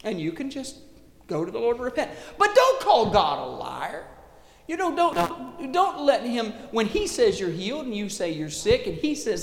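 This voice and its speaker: A man preaching a sermon in an animated way, acting out quoted voices and often repeating words. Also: high voice, normal speed, gravelly. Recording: echoey hall, faint noise.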